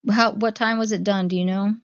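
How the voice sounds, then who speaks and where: A woman's voice: medium pitch, fairly even intonation, a little fast, clear, resonant tone, no room sound. A woman hosting a casual livestream, talking through her viewers' chat comments one by one. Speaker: livestream host. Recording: dry, dull lo-fi stream audio.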